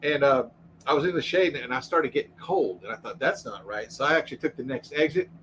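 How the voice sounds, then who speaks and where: Fast-talking man telling stories. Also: medium pitch, fairly bright tone, a little hiss or hum, low-quality recording. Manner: rambling storytelling with repeated restarts. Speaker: co-host, former police officer. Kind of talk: casual livestream chat.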